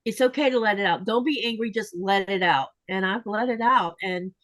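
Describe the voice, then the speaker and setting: A woman's voice: mid-range voice, moderate pace, fairly bright tone, no room sound, low-quality recording. A woman hosting a casual livestream chat, reading viewer comments aloud and sharing her own feelings.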